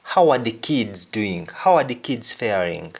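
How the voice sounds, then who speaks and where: A man teaching a language lesson, speaking deliberately and repeating each example phrase. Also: on the low side, sing-song, gravelly, a little mellow, breathy edge.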